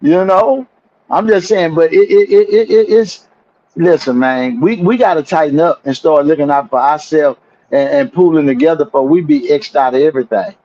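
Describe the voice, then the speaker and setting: High-voiced man rambling in casual chat. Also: dark tone, dull audio. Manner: rambling, repeats himself, drawn-out asides. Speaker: podcast co-host.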